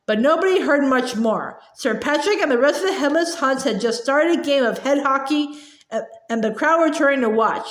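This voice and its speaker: A woman's voice: high voice, animated, moderate pace, fairly bright tone. A woman reading a storybook aloud, sometimes tripping over and repeating words. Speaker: audiobook reader. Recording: echoey room.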